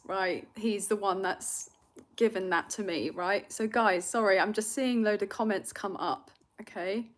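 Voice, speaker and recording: A young British woman with a London accent, hosting a tarot livestream and chatting emotionally with viewers, rambling with fillers and nervous laughs. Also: fairly high pitch. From Britain. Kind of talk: casual livestream chat reading comments.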